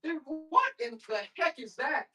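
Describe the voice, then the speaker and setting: A man hosting a live auction stream, talking loosely and fast to his viewers. He rambles into folksy, worked-up rants between the items he sells, tossing out "all right?" and calling people "boy". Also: extremely high pitch, big pitch swings, bright, forceful tone, soft background music. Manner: folksy, calls listeners "boy". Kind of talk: casual live-selling stream chat.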